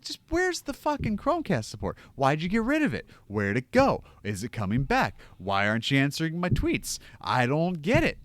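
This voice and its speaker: A man's voice: mid-range voice, no echo. A young man from the United States hosting a casual watch-along stream, ranting and rambling with plenty of swearing. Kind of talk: casual livestream chat. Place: home room.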